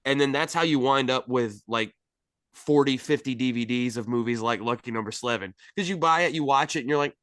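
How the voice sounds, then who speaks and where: A man's voice: medium pitch, brisk, a bit bright, no echo, clean studio sound. A man in a casual movie chat, telling long, rambling side stories. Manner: rambling storyteller, digressive.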